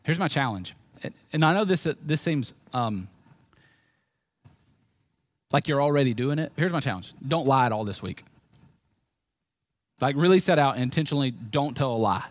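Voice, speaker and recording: A man with a Southern US accent preaching a sermon as pastor, swinging between loud emphasis and quiet, low moments. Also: animated, moderate pace, long pauses, no room sound.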